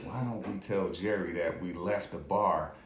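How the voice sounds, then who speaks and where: A man's voice: low voice, moderate pace. A man co-hosting a podcast, telling a wild story in a loose, profane, laughing way. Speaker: podcast co-host. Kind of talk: casual storytelling chat. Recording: echoey room with faint noise.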